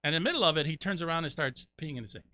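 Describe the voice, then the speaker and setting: Bright-voiced man telling stories. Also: rapid-fire, no echo. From Connecticut, USA. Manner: animated storyteller, jumps high doing other people's voices. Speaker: comedian guest. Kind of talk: storytelling interview. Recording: dry, muffled sound.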